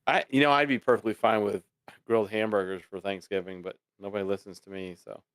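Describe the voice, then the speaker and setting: Dude with a smooth lowish voice, kinda exasperated and wry, reading chat on a stream. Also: male voice, steady tone, fairly quick, a bit bright, no room sound, studio quality. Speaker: podcast co-host reading chat. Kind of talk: casual chat on a live stream.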